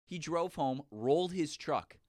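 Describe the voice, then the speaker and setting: A young man co-hosting a podcast, telling an animated story full of swearing. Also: fairly high pitch, unhurried, no echo, clean studio sound. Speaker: podcast co-host. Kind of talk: casual chat.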